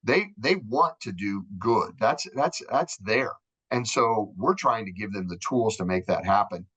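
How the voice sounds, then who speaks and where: A man's voice: fairly low pitch, lively intonation, unhurried, fairly bright tone, slightly rough, dry recording, low-quality recording. Fervent man. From Minnesota, USA. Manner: fervent, repeats words, acts out voices. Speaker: charity marketing executive, guest. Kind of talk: faith-driven interview talk.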